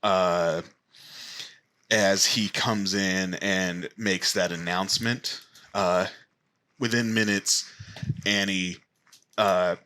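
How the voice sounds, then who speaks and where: A man narrating as game master of a tabletop game, speaking haltingly with many fillers. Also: low-pitched, steady tone, sharp tone.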